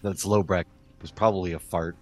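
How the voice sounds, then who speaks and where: A man's voice: low-pitched, fairly even intonation, fairly quick, faint music behind. A man from Canada, a player at a tabletop game, wry and laughing at his own jokes. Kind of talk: casual chat at a game table.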